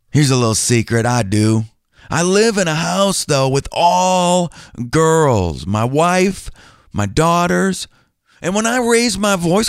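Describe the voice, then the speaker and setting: A man's voice: on the high side, no room sound, studio quality. A middle-aged man hosting a podcast as a financial planner, chatty and self-deprecating in a casual style.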